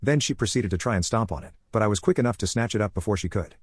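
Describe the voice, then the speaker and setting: A man narrating a personal story in a brisk, matter-of-fact way. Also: on the low side, slightly rough, dry recording.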